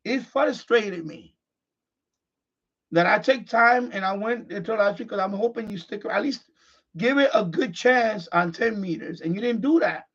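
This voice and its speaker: Blunt, gravelly high-voiced man ranting. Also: measured pace, fairly bright tone. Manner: blunt, repeats phrases, restarts often. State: frustrated. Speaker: live-stream host. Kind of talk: unscripted live-stream monologue. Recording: dull lo-fi stream audio.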